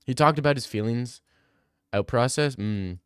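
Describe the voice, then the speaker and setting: A man's voice: medium pitch, normal speed, fairly bright tone, clean tone, no echo, studio quality. A young man streaming, reading live comments in joking, rambling casual chat.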